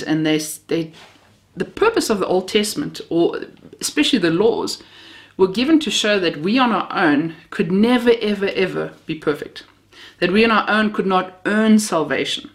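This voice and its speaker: A woman's voice: medium pitch, lively intonation, brisk, few pauses. A woman from Namibia, preaching a sermon built on personal stories, heartfelt with a self-mocking sense of humor.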